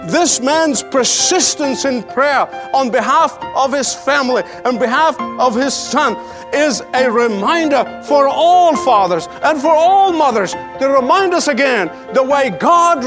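A man's voice: very high-pitched, animated, unhurried, music in the background. A man preaching a sermon as a pastor and Bible teacher, emphatic, asking rhetorical questions and repeating lines for stress.

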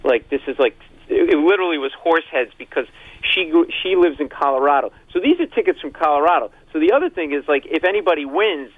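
A man's voice: on the high side, animated, fast talker, no room sound, phone-quality sound. A male comedian telling rambling jokes as a guest in a casual radio phone interview. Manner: rambling, joking storyteller, frequent laughs.

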